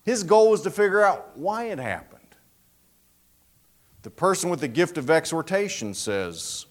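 A man preaching a sermon, telling a story in an animated, dramatic way. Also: a little high, a little slow, pauses often.

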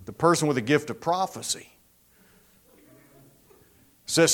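A man preaching a sermon, telling a story in an animated, dramatic way. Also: on the high side, a little slow, long pauses.

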